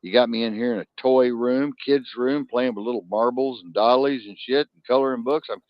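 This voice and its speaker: A man's voice: mid-range voice, brisk, dry recording. Rambling, crude storytelling man. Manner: rambling, animated, crude jokester with many restarts. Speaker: podcast host. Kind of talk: casual storytelling chat. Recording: dull lo-fi sound.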